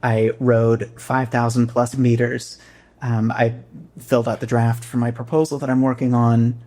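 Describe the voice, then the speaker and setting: A man's voice: mid-range voice, little pitch movement, normal speed, darkish tone. A young American man co-hosting a comedy podcast, bantering in a dry, theatrical, self-mocking way. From United States. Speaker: podcast co-host. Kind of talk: casual comedic chat.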